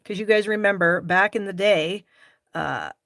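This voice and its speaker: A woman's voice: mid-range voice, normal speed, a bit bright, no echo, studio quality. A middle-aged woman hosting a live stamping class, chatting with viewers by name and openly frustrated at her own mistakes. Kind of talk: live crafting demonstration.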